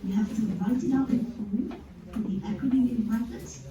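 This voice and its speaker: A woman speaks on a video call, walking a club through common slips in a patient, explaining way. Her voice sits back from the mic in a boomy, echoing space. A steady hiss of noise runs under her. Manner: patient, explains slowly with examples. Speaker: grammarian at a speaking club meeting. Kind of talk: meeting feedback talk. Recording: echoey, distant, noisy call audio.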